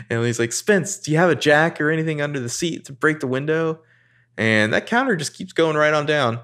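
A man co-hosting a casual podcast, recapping a TV episode and quoting the characters in excited voices. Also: moderate pace. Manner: animated, jumps into high voices quoting characters.

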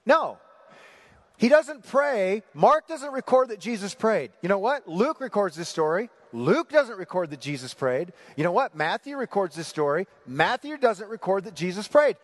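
A man preaching a sermon, asking the congregation rhetorical questions in an animated way. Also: high-pitched, normal speed, big-room sound. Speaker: pastor.

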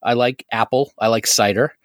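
A man's voice: mid-range voice, steady tone, normal speed, no echo. A man co-hosting a podcast, chatting casually with a friend, teasing and often laughing. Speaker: podcast co-host. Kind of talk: casual banter and read credits.

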